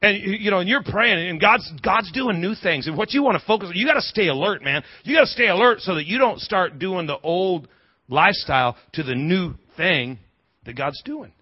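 A male pastor preaching a sermon in an animated, humorous way, with quick asides and lots of repeated words. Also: sits high, husky, dry recording, dull audio.

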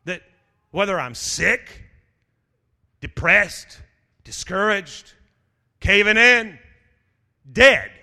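A male pastor preaches with a voice that swoops wildly up and down, stumbling over restarts before bursting into shouts. His bright, cutting tone rings out into the long reverb of a big hall. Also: sits high. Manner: animated, stammering restarts, shouted exclamations, jokey asides. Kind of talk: energetic sermon.

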